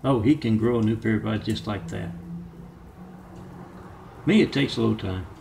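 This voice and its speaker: A man talking in a rambling monologue of his own, halting and meandering with many filler pauses. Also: fairly low pitch, gravelly, darkish tone, slight background noise. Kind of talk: rambling self-made monologue.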